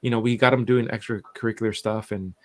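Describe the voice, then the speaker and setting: A man's voice: fairly low pitch, fairly even intonation, fast. A man in his forties, co-hosting a podcast, telling a long family story in a rambling way with lots of restarts and fillers. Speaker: podcast co-host. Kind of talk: casual chat.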